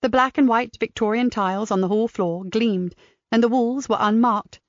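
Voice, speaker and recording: A woman's voice: fairly high pitch, no room sound. Woman reading a crime audiobook. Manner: measured, descriptive. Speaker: audiobook narrator. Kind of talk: scripted narration. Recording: dry, slightly dull studio sound.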